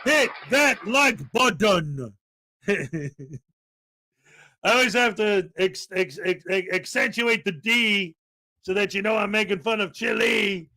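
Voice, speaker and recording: A man hosting a casual livestream chat, talking in a loud, playful, jokey way and often shouting. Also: high voice, a little slow. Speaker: show host.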